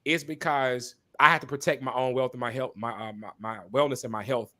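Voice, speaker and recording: A man speaking as a podcast guest and minister, talking candidly and passionately, repeating phrases for emphasis like a preacher and pausing to apologize for talking so long. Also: medium pitch, fairly even intonation, sharp tone. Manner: apologetic asides to listeners. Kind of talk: candid conversational testimony.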